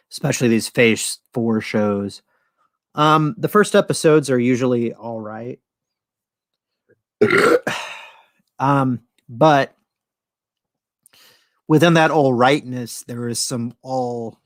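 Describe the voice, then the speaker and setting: A man's voice: mid-range voice, no echo. A middle-aged man hosting a casual live stream, rambling and jokey with crude language. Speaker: host.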